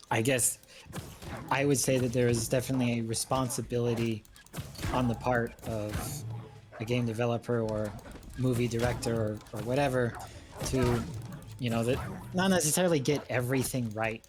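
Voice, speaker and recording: A man speaking as a historian guest in a casual livestream chat, halting with many fillers and restarts. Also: mid-range voice, steady tone, over music.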